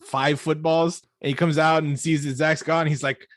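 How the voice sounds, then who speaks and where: A man's voice: a little high, flat delivery, normal speed, no room sound, studio quality. A man co-hosting a podcast in casual chat, rambling with restarts and swearing. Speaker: podcast co-host.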